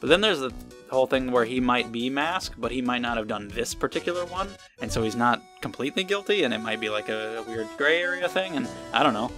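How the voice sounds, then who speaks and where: Rambling young let's play host. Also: male voice, medium pitch, animated, brisk, a bit bright, faint music behind. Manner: rambling, self-deprecating, thinking aloud. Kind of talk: casual let's play commentary and reading.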